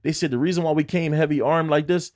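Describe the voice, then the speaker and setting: A young man from Philadelphia, a podcast guest, telling a story in casual chat, animated and cursing freely. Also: fairly high pitch, fast, dry recording, clean studio sound. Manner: animated storyteller, acts out quotes in raised voice, swears freely. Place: podcast studio.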